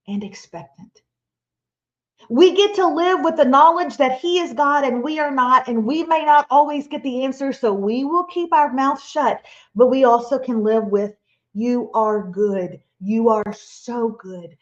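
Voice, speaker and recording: A woman, giving a lively, playful motivational Christian talk as a webinar speaker. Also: sits high. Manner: animated, playful, acts out imagined listeners and quotes. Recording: slightly dull, lo-fi webinar audio.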